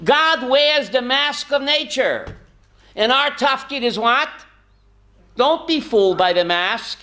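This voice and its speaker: Rabbi guy giving a class, fires questions at people by name, jokey, high-pitched. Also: animated, slow pace, sharp tone. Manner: quizzes listeners by name with questions; folksy, jokey asides. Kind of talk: Torah class teaching.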